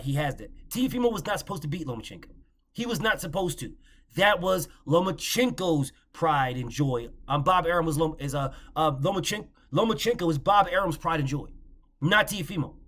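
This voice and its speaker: A man's voice: a little high, a bit bright. Heated, profane man ranting about boxing. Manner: blunt, profane, mocking, heated rants. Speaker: boxing commentary host. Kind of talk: casual opinion monologue.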